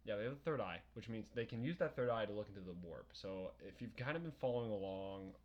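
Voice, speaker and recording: A young adult man co-hosting a podcast, chatting casually about a book, rambling and profane and quick to laugh. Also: on the low side, expressive, lo-fi sound. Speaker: podcast co-host. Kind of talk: casual book-discussion chat.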